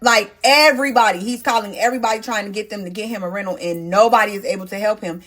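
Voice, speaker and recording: This is a woman talking through a personal storytime for her followers, casual and full of feeling. She speaks to the audience directly, animated and emotional as she relives each turn. Her voice sits at an ordinary middle pitch for a woman. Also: fast talker. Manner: emotional, animated retelling that addresses viewers directly. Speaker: storytime vlogger. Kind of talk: casual storytime narration to viewers.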